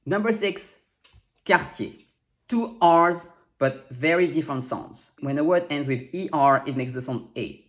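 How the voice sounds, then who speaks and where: A man who teaches French pronunciation, speaking English in a clear, deliberate scripted lesson and slowing down to spell out sounds. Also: on the high side.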